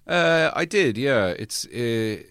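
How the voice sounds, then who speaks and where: A man's voice: medium pitch, lively intonation, takes it slowly, fairly bright tone, clean tone, dry recording, clean studio sound. A man hosting a casual comedy podcast chat, rambling and laughing often. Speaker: podcast host. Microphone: studio microphone.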